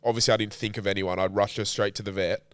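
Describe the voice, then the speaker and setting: A man's voice: fairly low pitch, little pitch movement, fast, a bit bright, smooth, no echo. A man, a podcast co-host telling an emotional story in casual chat, rambling and swearing freely.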